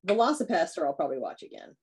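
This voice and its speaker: A chatty woman co-hosting a podcast, retelling a film scene by scene and slipping into the characters' lines. Her voice sits a little low and has a dark, mellow tone. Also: sing-song, racing, slight background noise. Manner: chatty, acts out characters' lines with lots of fillers. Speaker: podcast co-host. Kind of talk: casual chat, retelling a horror film plot.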